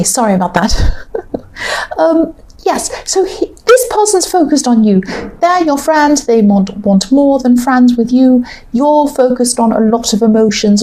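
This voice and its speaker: A woman with a mellow voice on the high side does a casual tarot reading to camera while she has the hiccups. She thinks aloud, rambling and hesitant, with lots of fillers.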